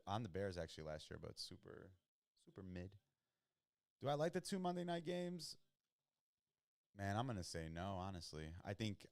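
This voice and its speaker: A young man with a very low, smooth voice chats loosely about the football he is watching, dropping slang as he reacts to each play. The close mic gives a dry sound with no room around it. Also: no room sound. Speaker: podcast host watching football. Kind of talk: casual live-watch commentary.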